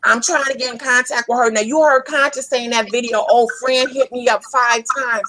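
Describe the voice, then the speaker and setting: Heated woman going off, lots of swearing, high voice, dry close sound. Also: fairly even intonation, a little fast, hardly any pauses, bright, forceful tone, dry recording, rough recording. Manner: angry, profane, emphatic, repeats herself. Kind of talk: heated ranting.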